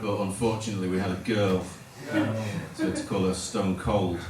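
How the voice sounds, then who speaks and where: Middle-aged comedian, low, rambling. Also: male voice, steady tone, a little fast. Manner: rambling, self-interrupting delivery with dry punchlines. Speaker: stand-up comedian. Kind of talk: stand-up comedy set. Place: pub function room at a comedy night. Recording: echoey pub room, from a distance. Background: audience laughter and room noise.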